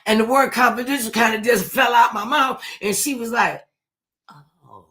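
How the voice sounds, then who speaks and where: A man telling a childhood story in a relaxed chat, lively and at times dropping into a hush. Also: high-pitched, normal speed. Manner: animated storyteller, drops into a hush at times, Southern-tinged vernacular.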